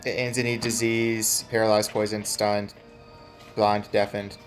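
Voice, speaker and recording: A player in a tabletop game, working through the rules and the dice out loud. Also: medium pitch, little pitch movement, a little slow, soft background music. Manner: methodical, checks the rules aloud.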